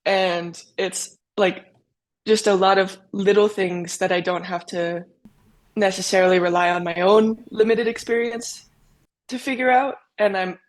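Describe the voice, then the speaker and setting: Young woman guest on a podcast, kinda low voice, chatty, lots of likes. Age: young adult. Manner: chatty, many "like" and "kind of" fillers. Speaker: cyclocross racer guest. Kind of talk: casual interview answers.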